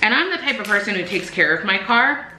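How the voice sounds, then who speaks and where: A woman's voice: medium pitch, lively intonation, a little fast, bright, forceful tone, slight background noise. A young woman vlogger venting animatedly about her day in casual, swear-filled storytelling. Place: indoors at home. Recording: echoey room.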